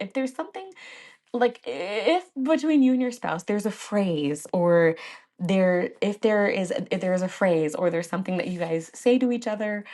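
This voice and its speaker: A woman's voice: fairly low pitch, darkish tone. A woman in her thirties hosting a podcast in a casual, chatty way, often laughing and calling her listeners "y'all". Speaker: podcast host. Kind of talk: casual chat.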